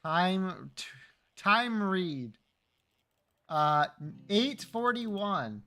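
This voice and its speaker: A man's voice: high voice, sing-song, drawn-out words, sharp tone. A man streaming live, chatting casually with his viewers, teasing and joking and swearing freely.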